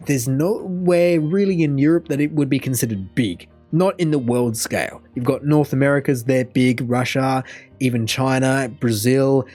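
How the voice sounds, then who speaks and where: A man's voice: mid-range voice, normal speed, darkish tone, soft background music. A young Australian man, a reaction host, chatting and musing aloud in casual commentary.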